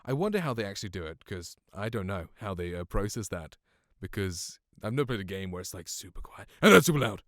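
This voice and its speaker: A man's voice: low voice, lively intonation, brisk, no room sound. A young British man reviewing a microphone in casual, rambling, self-deprecating talk, close on a studio mic at home. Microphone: studio condenser mic, close.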